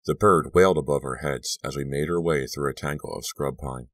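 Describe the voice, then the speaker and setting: Very deep-voiced man narrating an audiobook. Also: steady tone, no echo. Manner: measured, hushed storytelling, lifting for dialogue. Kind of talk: scripted narration.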